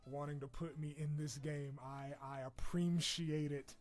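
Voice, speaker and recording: A man's voice: fairly high pitch, level tone, a little slow. A young man chatting casually on a stream in a loose, profane, jokey way, breaking into laughter. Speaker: streamer reacting to a character wishlist. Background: video game music playing.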